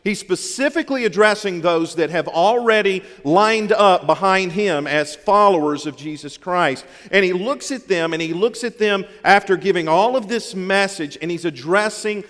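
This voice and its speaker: Folksy Southern pastor preaching in a hall. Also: male voice, high-pitched, moderate pace, few pauses, fairly bright tone. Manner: folksy, humorous preaching with emphatic repetition. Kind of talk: sermon. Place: church sanctuary. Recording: long hall reverb.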